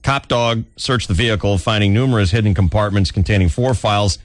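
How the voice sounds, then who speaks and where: A man hosting a radio show, chatting casually and telling stories in a wry way with animated asides. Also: lowish voice, fairly quick, no room sound, studio quality. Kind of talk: casual morning-show banter.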